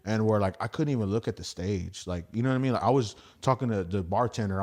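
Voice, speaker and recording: A man's voice: fairly low pitch, fast, a little mellow. A man who does stand-up, a podcast guest telling stories in a rambling, profane way and acting out the voices of people he quotes. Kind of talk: casual podcast storytelling.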